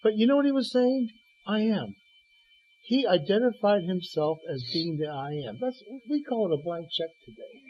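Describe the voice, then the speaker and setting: Animated and speaking at a normal speed, this man has a high-pitched, slightly rough voice. As a guest preacher on the radio, he recounts Bible stories with quoted lines and stammering restarts, all heard through a dull lo-fi broadcast.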